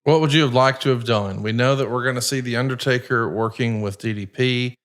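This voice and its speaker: A man's voice: medium pitch, a little fast, fairly bright tone. A man co-hosting a podcast, narrating footage and asking questions in casual chat. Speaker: podcast co-host.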